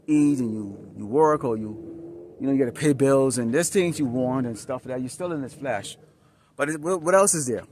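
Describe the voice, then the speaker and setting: Outdoors in dusty, slightly windy conditions, a street preacher delivers a sermon with scripture reading. His medium-pitched, somewhat mellow voice moves at normal speed over a little hiss or hum. Emphatic and repetitive, he keeps checking in with listeners through short questions like "Huh?" and "All right?".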